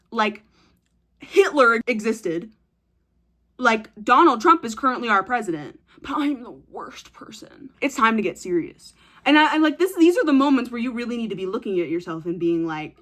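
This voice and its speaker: A young woman talking straight to camera in a casual, unfiltered way. Her voice sits a little higher than most, and she is blunt, teasing and quick to swear. She tells her stories with animated, dramatic flair. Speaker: vlogger. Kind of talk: casual advice chat to camera.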